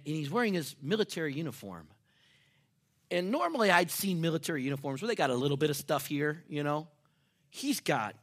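Storytelling male pastor, loud then hushed. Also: mid-range voice. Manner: storytelling, swinging from loud to near-whispered. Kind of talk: sermon. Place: church.

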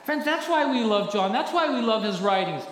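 A middle-aged male pastor preaching a sermon earnestly, often dropping to a hushed voice when telling stories. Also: high voice, lively intonation, fairly quick. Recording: echoey hall with faint ambience.

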